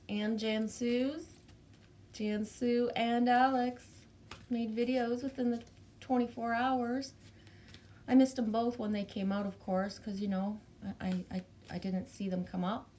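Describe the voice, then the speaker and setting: A chatty Canadian woman hosting a relaxed livestream, bubbly and loose, greeting her viewers one by one. Her pitch sits in an ordinary middle range, and faint background noise hums beneath her voice. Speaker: livestream host reading chat. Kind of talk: casual live chat.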